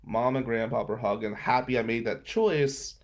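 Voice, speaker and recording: A man's voice: mid-range voice, normal speed. A man hosting a podcast, telling a personal story in a monologue and acting out his relatives' words in different voices. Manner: dramatic, acts out relatives' lines in voices. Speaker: podcast host.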